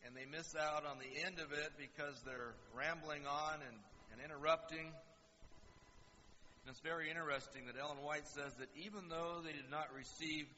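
A man preaching a sermon and explaining scripture, acting out quoted lines with animated asides. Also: on the high side, normal speed, slight background noise. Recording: dull lo-fi sound in a reverberant hall.

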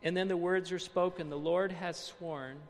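A man preaching a sermon, reading quotes aloud, then explaining them with dramatic pauses and hushed emphasis. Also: high-pitched, fairly even intonation, in a large hall, slight background noise.

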